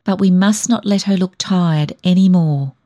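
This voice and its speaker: A kind, steady young man from a storybook, speaking in a low, soothing voice, read by a woman. He sounds tender and reassuring, calm even when he is troubled. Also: moderate pace, lightly acted. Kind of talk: audiobook dialogue.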